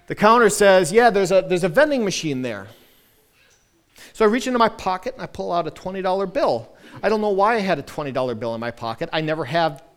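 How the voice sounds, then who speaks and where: Man, pastor, sermon storytelling, slightly high voice, smooth and clear, animated and self-deprecating.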